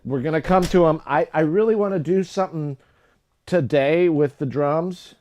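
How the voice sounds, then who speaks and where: A man streams from his home studio while making music, chatting casually and rambling as he jokes about himself and repeats tongue twisters. His voice is a little high and dark-toned, at a normal speed.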